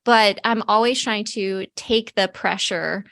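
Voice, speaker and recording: A woman's voice: medium pitch, slow pace, gravelly, a bit bright, no echo, studio quality. A woman hosting a podcast interview, explaining her ideas in a thoughtful way. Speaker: podcast host, marketing teacher.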